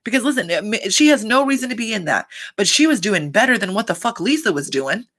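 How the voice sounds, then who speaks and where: Talking fast in a mid-range voice, a woman recaps a reality show in a casual chat, full of profanity and endless "like" fillers. She's animated, laughing as she acts out quotes.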